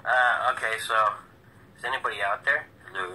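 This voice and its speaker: A man's voice: mid-range voice, fast talker, creaky, pushed and bright, a little hiss or hum, rough recording. A man talking agitatedly into his phone on a live stream at home, rambling and swearing. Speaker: vlogger and self-styled presidential candidate. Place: indoors at home.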